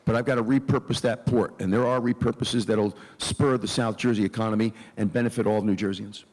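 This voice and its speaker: A man speaking as a candidate at a forum, answering forcefully and laying out plans point by point. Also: fairly low pitch, steady tone, a little fast. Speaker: political candidate. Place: event hall. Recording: long hall reverb.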